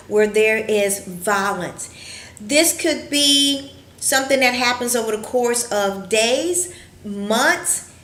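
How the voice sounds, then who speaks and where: A woman counselor giving an earnest, reflective educational talk, pausing often with fillers. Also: a little high, a bit bright. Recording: roomy echo.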